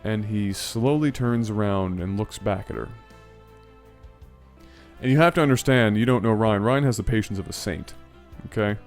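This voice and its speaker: A man casually telling a long story to his viewers, animated and rambling. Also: fairly low pitch, moderate pace, faint music behind. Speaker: storytelling video host.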